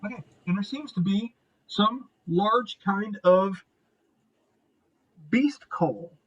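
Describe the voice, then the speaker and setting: A man's voice: high-pitched, takes it slowly, muffled recording, slight background noise. A man acting as game master, narrating a tabletop game in a casual, rambling way and swearing now and then.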